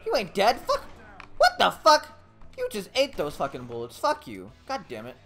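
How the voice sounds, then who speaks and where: A foul-mouthed man narrates his gameplay, cursing nonstop. His voice is bright and forceful, and his pitch jumps all over the place. Faint music plays underneath him. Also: huge pitch swings, moderate pace. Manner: profane, loud outbursts and frequent swearing. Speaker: gaming video creator. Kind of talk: game commentary.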